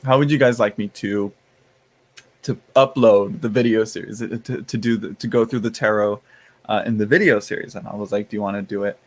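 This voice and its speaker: A man's voice: lowish voice, steady tone, brisk. A tired man chatting casually on a live stream, rambling with many fillers and restarts, playfully sassy toward his chat, yawning now and then. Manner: playful sass, addresses chat as y'all and honey. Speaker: tarot streamer.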